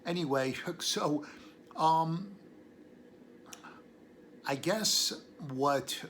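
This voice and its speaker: A man's voice: on the high side, extremely slow, fairly bright tone, a little hiss or hum. A man hosting a casual educational talk on herbal medicine, rambling into tangents and chuckling between thoughts. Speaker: herbalist host.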